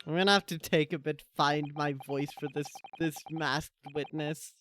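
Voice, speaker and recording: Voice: medium pitch, steady tone, moderate pace, hardly any pauses, a bit bright, faint music behind. A streamer thinking aloud during a live game, rambling and self-mocking between lines. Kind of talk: live game commentary and reading.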